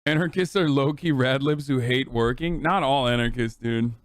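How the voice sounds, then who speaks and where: A man's voice: medium pitch, moderate pace, no room sound, studio quality. A man streaming live, reacting to clips with loose, profane, rambling commentary.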